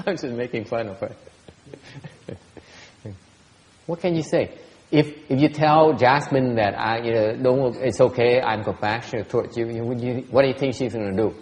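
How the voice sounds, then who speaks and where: A man's voice: medium pitch, normal speed, long pauses, darkish tone, long reverb tail. A man giving a Dharma talk as a Buddhist teacher, answering questions bluntly and teasingly, often laughing and repeating words.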